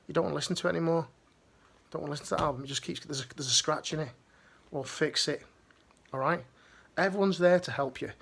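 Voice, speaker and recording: Bloke, ex-squaddie vibe, life coach pushing you on, a bit high, gravelly voice. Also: male voice, fairly bright tone. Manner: emphatic, direct, repeats key phrases. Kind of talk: motivational talk to camera.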